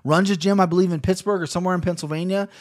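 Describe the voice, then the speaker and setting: Rambling Ohio guy, a bit high. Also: steady tone. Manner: rambling, profane, quick to laugh. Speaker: podcast host picking fights. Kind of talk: casual betting chat.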